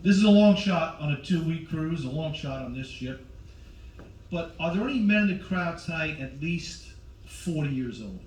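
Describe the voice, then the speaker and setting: A brash middle-aged man doing stand-up, teasing the audience directly in a voice pitched a little high. He sounds set back from the mic in a roomy lounge aboard a ship, with faint ambience behind him. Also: expressive, moderate pace, darkish tone, far from the mic, a little hiss or hum. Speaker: stand-up comedian. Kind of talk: stand-up with crowd work. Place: cruise ship show lounge.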